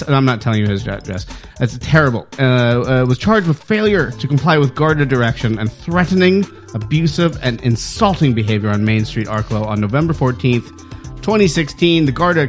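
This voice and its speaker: A man co-hosting a comedic talk show, reading out a local news story with playful announcer flair and laughing asides. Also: medium pitch.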